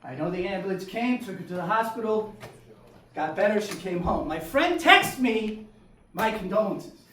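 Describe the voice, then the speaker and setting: Ny guy doing solo standup, super lively pitch, kinda far off, echoey little theater. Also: moderate pace, slight background noise. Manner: animated, shouting punchlines, acting out relatives. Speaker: stand-up comedian. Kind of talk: solo comedy storytelling on stage. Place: comedy theater stage.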